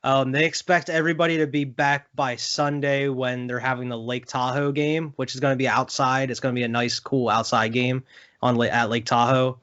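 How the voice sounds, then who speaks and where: A man's voice: mid-range voice, little pitch movement, moderate pace, a bit bright, highs cut off. A young man co-hosting a sports podcast, talking loosely with lots of fillers and laughs. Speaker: podcast co-host. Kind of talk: casual sports chat.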